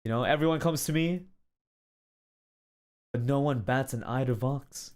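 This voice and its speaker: A man streaming casually, telling a story with animated shouted sound effects and frequent filler check-ins. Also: mid-range voice, a little slow.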